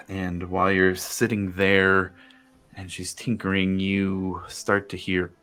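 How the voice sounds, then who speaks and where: A man's voice: deep voice, completely flat delivery, slow pace, bright, forceful tone. A man narrating a tabletop game as game master, describing scenes loosely with fillers.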